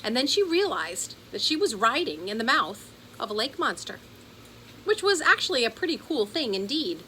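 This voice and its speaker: Bright expressive woman reading a children's story. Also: a little high, normal speed, a little hiss or hum, rough recording. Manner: expressive, does character voices. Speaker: audiobook narrator.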